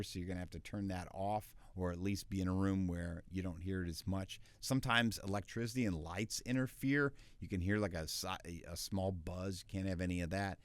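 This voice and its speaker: A man casually explaining voiceover basics, quick and loose with filler words. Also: low voice, no echo. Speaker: voiceover tutor. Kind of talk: casual tutorial talk. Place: small home recording space.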